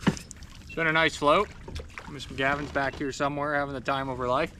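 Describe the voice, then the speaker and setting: A man's voice: fairly high pitch, fairly even intonation, moderate pace, pauses often, noisy background. A man hosting a fishing trip vlog, talking casually outdoors on a river raft with wry, joking, self-deprecating commentary.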